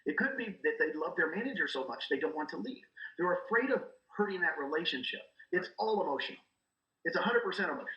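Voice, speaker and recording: A middle-aged man giving energetic coaching talk as a guest, acting out quoted dialogue as he goes. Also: fairly high pitch, fast talker, reverberant, highs cut off. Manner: animated, acts out quoted dialogue. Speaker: guest, real estate recruiter.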